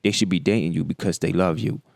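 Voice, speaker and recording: A man's voice: sits low, fairly even intonation, fast talker, vocal fry, darkish tone, dry recording, studio quality. A man hosting a reaction video, ranting bluntly and scolding with profanity. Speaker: commentary host.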